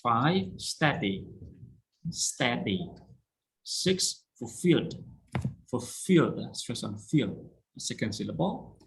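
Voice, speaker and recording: A man's voice: mid-range voice, sing-song, slow, vocal fry, pauses often, fairly bright tone, breathy edge, low-quality recording. A man with a Cambodian accent teaching an online English lesson, patiently drilling pronunciation and checking that students understand. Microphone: video call.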